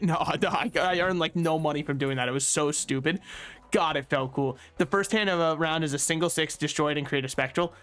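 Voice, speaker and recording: A man hosting a casual gameplay commentary with a slightly high voice. He jokes at the game and at himself as he plays, over a faint music bed. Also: brisk, fairly bright tone. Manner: joking, self-deprecating, talks to the game. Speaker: gaming channel host.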